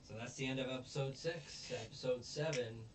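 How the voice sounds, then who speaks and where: A man's voice: medium pitch, normal speed. Rambling man recapping an episode, far from mic. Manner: rambling, filler-heavy, acts out quotes. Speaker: show reviewer. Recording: voice distant from the mic.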